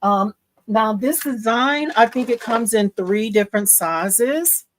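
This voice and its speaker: A woman's voice: a little high, takes it slowly, slight background noise. A woman hosting a casual live stream, gushing over her work with squeals and laughs, reading viewer comments aloud and explaining steps. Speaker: livestream host showing embroidery.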